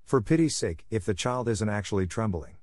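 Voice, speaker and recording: A man voicing a stern, brisk older spinster woman who talks in a curt, reproving way in a storybook reading. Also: on the low side, lively intonation, a little mellow, no echo, studio quality, close to an everyday voice.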